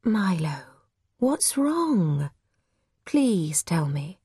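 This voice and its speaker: A woman voicing a frightened, desperate mother of a young boy, pleading in a high, drawn-out voice. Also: sing-song, mellow, husky, dry recording, clean studio sound, full character voice. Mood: soft pleading.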